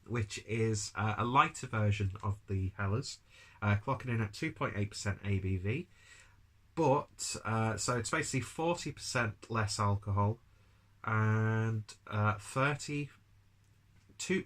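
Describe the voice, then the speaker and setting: A man's voice: mid-range voice, fairly bright tone. A man coming down with a cold, reviewing beer in a rambling, chatty vlog style with casual swearing. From United Kingdom.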